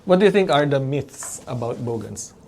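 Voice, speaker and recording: A man's voice: medium pitch, lively intonation, normal speed, darkish tone, a little hiss or hum. A man hosting an interview, asking short, probing questions. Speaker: podcast host.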